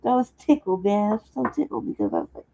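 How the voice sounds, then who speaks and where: A woman's voice: mid-range voice, huge pitch swings, quick pace, mellow. A woman hosting a casual commentary chat, laughing often and talking in loose slang. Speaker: host. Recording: dull lo-fi sound.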